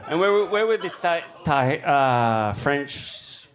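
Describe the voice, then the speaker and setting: A man's voice: fairly high pitch, slow pace. Middle-aged male surfer guest, casual, swears freely, acts out quotes. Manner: swears constantly, acts out quotes with rising animated voice. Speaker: guest big-wave surfer. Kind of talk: casual storytelling in a podcast chat.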